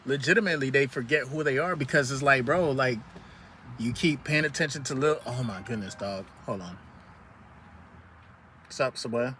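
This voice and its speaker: A man's voice: mid-range voice, normal speed, long pauses, sharp tone, slight background noise. A man vlogging outdoors in the sun, giving a profane, preachy motivational rant with lots of repetition.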